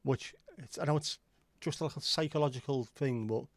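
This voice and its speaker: A man's voice: mid-range voice, a little fast, dry recording. A man hosting a livestream, rambling and joking as he chats with viewers and swears casually. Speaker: livestream host. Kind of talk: casual chat reading viewer comments.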